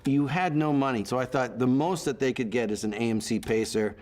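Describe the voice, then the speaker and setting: A man recalling his film career in an interview, telling animated stories with quoted voices. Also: medium pitch, a little fast. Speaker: actor being interviewed. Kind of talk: anecdotal interview storytelling.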